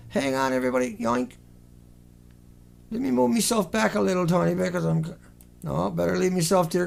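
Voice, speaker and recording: Gravelly, high-voiced sarcastic man. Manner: sarcastic, mocking, animated asides. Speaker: online show host. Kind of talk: sarcastic commentary livestream.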